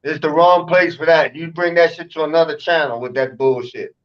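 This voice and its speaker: A man's voice: fairly high pitch, fairly even intonation, brisk, highs cut off. A man hosting a casual online talk show, laid-back, laughing often and swearing freely. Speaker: podcast host. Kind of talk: casual chat.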